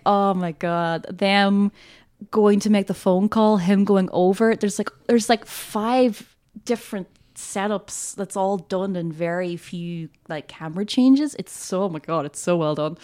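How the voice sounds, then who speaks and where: A woman's voice: mid-range voice, darkish tone. A woman co-hosting a podcast, chatting enthusiastically about a film with frequent laughter. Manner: chatty and enthusiastic, laughs often, many fillers. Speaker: podcast co-host. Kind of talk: casual film discussion.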